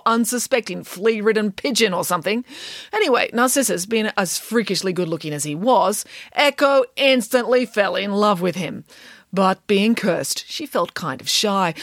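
A woman's voice: mid-range voice, a bit bright, no room sound, studio quality. A woman narrating a storybook in a playful, wry way. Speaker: audiobook narrator.

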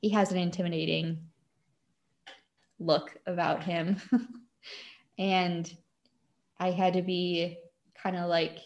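A woman's voice: on the low side, little pitch movement, takes it slowly, long pauses, darkish tone, highs cut off. A young woman with a Wisconsin accent tells a story in an easy, chatty way. She leans on fillers and giggles often as she talks. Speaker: guest. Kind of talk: casual storytelling.

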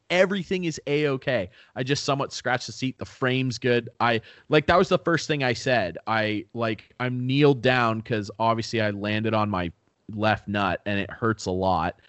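A man's voice: mid-range voice, fairly bright tone, no echo. Laid-back young man telling a story. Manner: laid-back, swears a lot, laughs at himself. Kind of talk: casual storytelling.

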